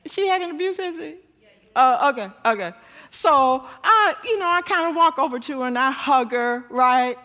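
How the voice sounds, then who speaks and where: High-voiced, bright woman preaching in a church. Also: moderate pace. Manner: animated storyteller, self-mocking, laughing. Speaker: guest preacher. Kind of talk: storytelling sermon. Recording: long church-hall reverb.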